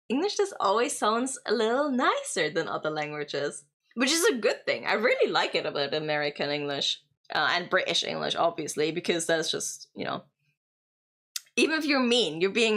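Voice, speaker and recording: A German woman, native speaker of German, chats casually on a reaction stream. Her voice is fairly high and a bit bright, and she rambles, laughs often, and swears casually.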